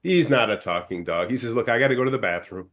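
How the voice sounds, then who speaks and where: A man on a talk show panel telling a joke casually, acting out the voices of the people in it. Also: mid-range voice. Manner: brisk storyteller, animated quoted voices.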